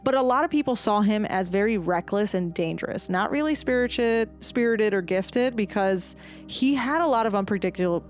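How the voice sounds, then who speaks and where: A woman's voice: medium pitch, normal speed. Woman cohost rambling thru a history story, chatty, fillers everywhere, bit of music under it. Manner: chatty, animated, many fillers, jumps into quoted voices. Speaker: podcast co-host presenting the research. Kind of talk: casual history podcast chat.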